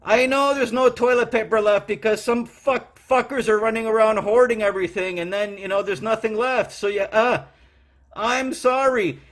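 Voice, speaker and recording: A man doing a brash, swearing, middle-aged courier clerk, ranting in a high, strained voice. Recorded at home, he complains nonstop and curses his way through calls. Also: fairly even intonation, normal speed, fairly bright tone. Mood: exasperated. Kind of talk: comedy character monologue.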